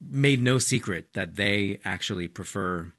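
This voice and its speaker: A man reports as a news correspondent, his voice sitting low. He talks through the story in a measured, explanatory way, pausing on small fillers as he goes. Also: animated, a bit bright. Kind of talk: conversational news debrief.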